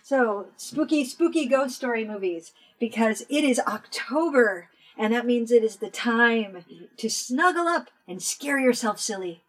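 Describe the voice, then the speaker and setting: A woman's voice: on the high side, lively intonation, measured pace, rough recording. A woman co-hosting a podcast, chatting playfully and joking with frequent laughs, recorded in a home basement. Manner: playful, jokey, laughs often. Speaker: podcast co-host. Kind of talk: casual chat.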